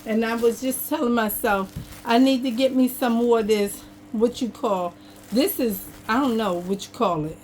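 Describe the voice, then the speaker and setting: A woman's voice: on the high side, normal speed, a little mellow, a little hiss or hum. A woman in casual chat at her home craft table, talking to her viewers in a folksy, chatty way. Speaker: craft vlogger. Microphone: camera on an over-table tripod.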